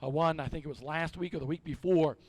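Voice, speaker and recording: A man's voice: a little high, fairly even intonation, fast talker. A man from the North Carolina mountains, chatty and folksy as he announces a stock car race. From western North Carolina. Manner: chatty, folksy, joking with his co-host. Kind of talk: live racing commentary.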